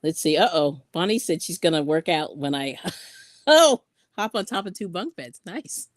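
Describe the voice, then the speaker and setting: A woman's voice: on the low side, animated, normal speed, dry recording, clean studio sound. A woman hosting a casual craft live stream, chatting and laughing often as she reads out viewer comments while sewing in yarn ends.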